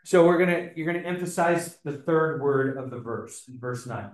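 A man leading an informal group Bible study, talking in a halting way with frequent restarts and ums. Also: mid-range voice, lively intonation.

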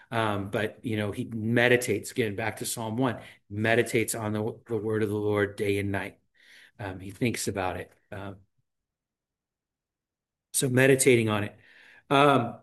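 A man leading an informal group Bible study, talking in a halting way with frequent restarts and ums. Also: mid-range voice.

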